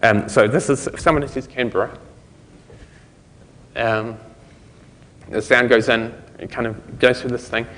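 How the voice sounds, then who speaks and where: In a conference hall with long reverb, a man talks through technical concepts in a relaxed, conversational manner. His medium-pitched voice is steady, unhurried, and a bit bright, broken by long pauses.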